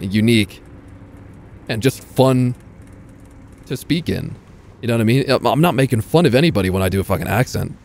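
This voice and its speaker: A man giving casual commentary over his own gameplay, excitable, swearing freely and talking to enemy tanks. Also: medium pitch, slight background noise. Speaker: gaming YouTuber.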